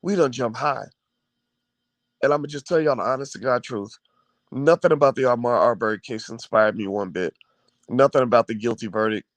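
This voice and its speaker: A man's voice: mid-range voice, brisk, dry recording. Heated man ranting in a dry room. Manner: heated, preachy, repeats and stammers, swears. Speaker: commentary host. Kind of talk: impassioned political commentary.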